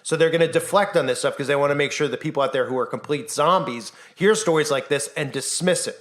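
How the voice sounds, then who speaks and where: On his channel, a Christian YouTuber speaks to camera quickly, his voice running high and a bit bright. He's insistent and impassioned, firing rhetorical questions and dramatizing the voices of people he quotes.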